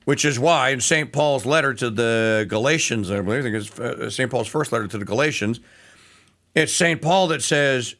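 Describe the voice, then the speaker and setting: A man's voice: mid-range voice, moderate pace, fairly bright tone. A man hosting a talk radio show, delivering a sarcastic, rambling monologue full of restarts and fillers.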